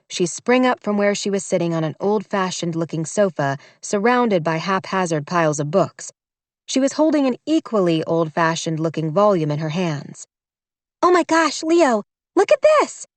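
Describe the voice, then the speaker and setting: A woman narrating a romance audiobook in a measured, wry storytelling manner. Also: on the low side, no echo.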